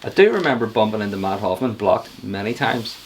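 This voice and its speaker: A man hosting a podcast in casual chat, telling stories with growing excitement and laughs. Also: on the low side, a little fast, a little hiss or hum. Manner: storytelling, animated when excited, with laughs. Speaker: podcast host.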